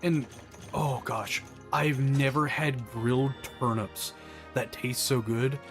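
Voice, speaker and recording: A man from the American South with a Southern accent, casually chatting while playing a game, rambling through animated asides. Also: medium pitch, takes it slowly, soft background music. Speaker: gameplay commentator. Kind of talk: casual gameplay chat.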